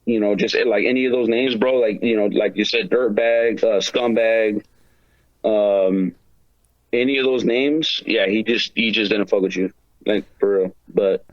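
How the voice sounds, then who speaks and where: A man's voice: fairly low pitch, fairly even intonation, unhurried, dry recording, dull audio. A man who is a guest on a podcast, telling stories in casual chat, full of slang, swearing and fillers. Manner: profane slang-heavy storytelling, many fillers.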